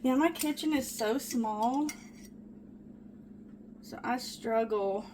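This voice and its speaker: Lady baking in a tiny kitchen, high voice, gets excited easy, chatty with viewers. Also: takes it slowly, background noise. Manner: chatty, easily excited, talks to viewers as "guys". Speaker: home cooking vlogger. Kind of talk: casual cooking demonstration. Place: small home kitchen.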